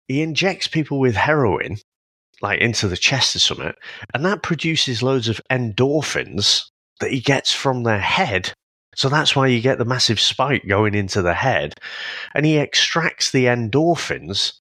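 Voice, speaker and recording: A man chatting about a film in a lively, bouncing voice with a bright edge. He chuckles and restarts as he thinks aloud. The sound is dry and close, with no room around it. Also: medium pitch, dry recording. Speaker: podcast co-host. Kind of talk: casual film chat.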